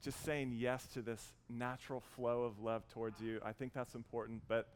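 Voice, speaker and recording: Earnest preacher man, smooth voice. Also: mid-range voice, level tone, moderate pace. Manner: earnest, warm storytelling with restarts. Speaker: pastor. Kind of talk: sermon.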